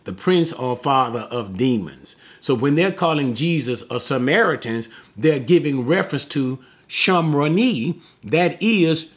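A man teaching the Bible in a sermon style, emphatic, asking rhetorical questions and slowing down to stress quoted lines. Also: a little high, animated. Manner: slows down sharply to stress quoted words.

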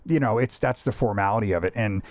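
A man's voice: fairly low pitch, fast talker, no room sound. A middle-aged man hosting a casual podcast, telling stories animatedly, swearing freely and acting out the voices of the people he quotes. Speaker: podcast host. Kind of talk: casual chat.

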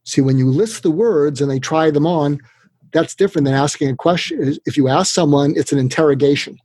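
Male psychiatrist guest, husky and a touch high, lively storyteller who mimics the people he quotes; dry close sound. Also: a little fast, no echo. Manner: acts out quoted voices with big pitch jumps. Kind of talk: animated storytelling in conversation.

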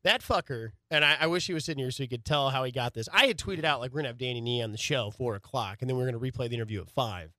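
A man who used to host sports radio, telling a story in casual podcast chat, animated and casually swearing. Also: medium pitch, rapid-fire, few pauses, no room sound, clean studio sound. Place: podcast studio.

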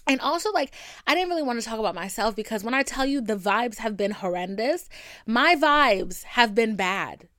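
Young woman, solo podcast host, higher voice, smooth and dry, blunt and swearing. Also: fast talker, dry recording. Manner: candid, profane, animated storytelling. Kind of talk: casual solo podcast venting.

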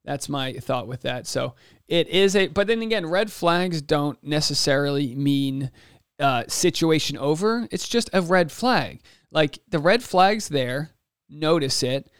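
A young man rambles through a solo podcast episode, restarting sentences and leaning on fillers. His voice sits a little high and sounds smooth and clear. The close, dry mic picks up no room at all. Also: lively intonation, measured pace, no echo. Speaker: podcast host.

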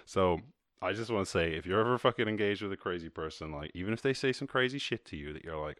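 A man's voice: low-pitched, lively intonation, fast talker, a bit bright, no room sound, clean studio sound. A man with an Irish accent hosting his show, casually commenting on a video in a loose, profane way with frequent laughs. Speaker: host.

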